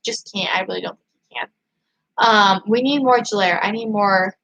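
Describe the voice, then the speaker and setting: A young woman hosting a casual livestream, chatting in an excited, emphatic way as she reads viewer comments. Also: mid-range voice, moderate pace, creaky, highs cut off. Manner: excited, emphatic, gushing fan talk. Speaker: livestream host.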